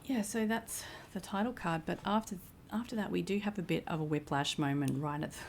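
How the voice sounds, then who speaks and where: A woman's voice: on the low side, a little fast, a little hiss or hum. A woman co-hosting a podcast, chatting casually and with amusement about a TV episode. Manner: chatty, amused, laughing between remarks. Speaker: podcast co-host. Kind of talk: casual TV episode recap chat.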